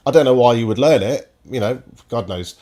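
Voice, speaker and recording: A man's voice: mid-range voice, lively intonation, brisk, dark tone. A man hosting a football stream, giving opinionated, enthusiastic commentary that rambles at times. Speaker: football podcast host.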